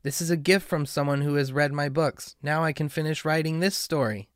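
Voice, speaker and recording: A man voicing a poor young male writer who speaks excitedly in a storybook reading. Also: on the high side, fairly quick, smooth, no echo, studio quality, voice pushed up, lightly acted. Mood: happy.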